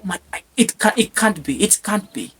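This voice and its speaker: A man from Kenya, telling his life story in an interview, animated and repeating words as he goes. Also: sits high, moderate pace, slight background noise. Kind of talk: lively personal testimony.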